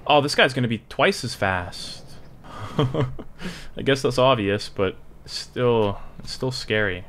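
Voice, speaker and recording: A young man giving live gameplay commentary, swinging between low mutters and panicked yelps and shouts. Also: lively intonation, takes it slowly. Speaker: gaming YouTuber.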